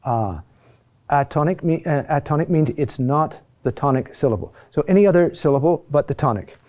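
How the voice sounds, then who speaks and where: A man teaching a lesson at a board, speaking in halting phrases with many pauses and restarts, and often checking in with a questioning "huh?". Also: a little high, animated, darkish tone. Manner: halting and repetitive, with frequent "huh?" check-ins; patient, explanatory pacing with many pauses and restarts. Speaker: chant teacher. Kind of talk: classroom lecture at a board.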